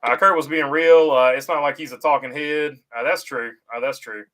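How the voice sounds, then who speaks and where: A man hosting a casual livestream, reading out viewer comments and answering them in a halting, easygoing way with lots of "uh" fillers and restarts. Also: fairly high pitch, steady tone, a bit bright, poor audio. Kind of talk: casual livestream chat about racing.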